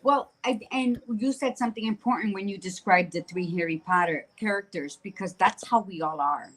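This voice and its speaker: A woman's voice: medium pitch, normal speed, a little hiss or hum, poor audio. A woman co-hosting a casual conversation podcast, talking candidly and bluntly with casual swearing. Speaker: podcast co-host.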